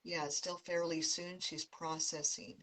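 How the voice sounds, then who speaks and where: A woman hosting as an animal communicator, giving a gentle, soft-spoken reading about a client's pet. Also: fairly low pitch, level tone, unhurried, low-quality recording. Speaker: animal communicator, podcast host.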